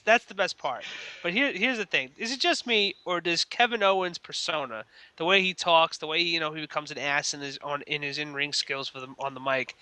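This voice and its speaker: A man's voice: a little high, pushed and bright, smooth, no room sound. A man co-hosting a casual podcast, rambling and cracking crude jokes. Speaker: podcast co-host. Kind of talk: casual wrestling chat.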